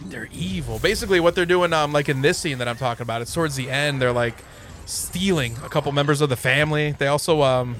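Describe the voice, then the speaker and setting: A man's voice: fairly high pitch, fast talker, fairly bright tone, a little hiss or hum. A man chatting casually, rambling through a story with lots of fillers. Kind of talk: casual chat.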